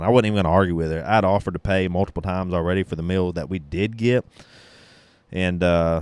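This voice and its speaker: A man with a very deep voice tells a story on his casual podcast. He is blunt, swears freely, and rambles with restarts. The sound is dry and close. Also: darkish tone, no room sound. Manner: sips beer while talking. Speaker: podcast host.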